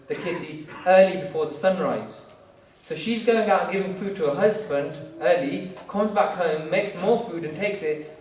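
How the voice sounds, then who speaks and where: A man preaching in a gurdwara hall, telling a long story in chatty "he goes, she goes" fashion. His voice sits a little high, picked up from a distance, with the hall's reverb around it. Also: slight background noise. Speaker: speaker at a gurdwara talk. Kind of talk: storytelling sermon.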